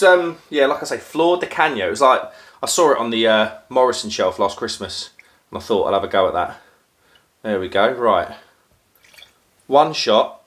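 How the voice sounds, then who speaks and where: Crouching at home with a phone recording him, an English host from Norfolk talks casually about craft beer while preparing a drink. He rambles, pokes fun at himself and says um a great deal, in a medium-pitched, fairly bright voice.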